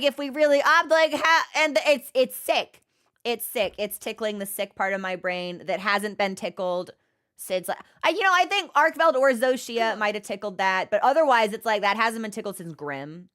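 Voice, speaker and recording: A woman with a fairly high voice, talking casually to her stream audience. She rambles from one thought to the next and laughs easily. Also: lively intonation, fairly bright tone. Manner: chatty, rambling, quick to laugh. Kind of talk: casual livestream chat.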